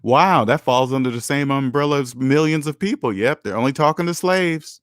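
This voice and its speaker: A man in the middle pitch range, talking straight into a dry, close microphone. He lectures insistently, hammering on the same points, swinging from loud stresses to low asides as he comments on an article. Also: moderate pace, few pauses, clear, resonant tone, no echo. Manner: emphatic, repetitive, lecturing, swings loud and soft. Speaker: personal finance vlogger. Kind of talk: preachy video commentary reading an article.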